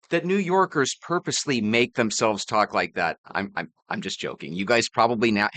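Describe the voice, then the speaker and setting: A man's voice: fairly low pitch, very animated, normal speed, hardly any pauses, pushed and bright, no room sound. A man hosting a reaction video, joking and chatting between clips. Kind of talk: reaction commentary.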